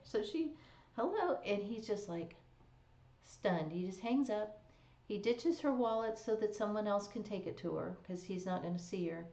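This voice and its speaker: A woman's voice: mid-range voice, normal speed, dark tone. A woman hosting a live stream, recapping a drama in casual chat with fillers and laughs. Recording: echoey, dull lo-fi stream audio.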